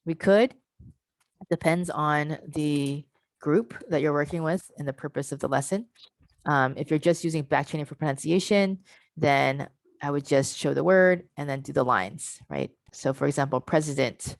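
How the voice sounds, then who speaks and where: A woman presenting an online teacher-training workshop over a video call. She explains step by step, sounds words out slowly and checks in with "right?". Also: sits low, no room sound. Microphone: computer mic on a video call.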